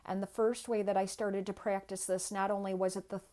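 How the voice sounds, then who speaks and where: A woman's voice: mid-range voice, flat delivery, fairly quick, mellow. A woman giving an earnest, inspirational personal talk as a guest, speaking straight to the viewers.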